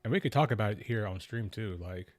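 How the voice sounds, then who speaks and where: A man streaming a game, talking slowly and casually in a kept-down voice, with a lot of slang. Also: on the low side, darkish tone. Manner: slow, laid-back talker; keeps voice down. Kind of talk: casual live-stream chat.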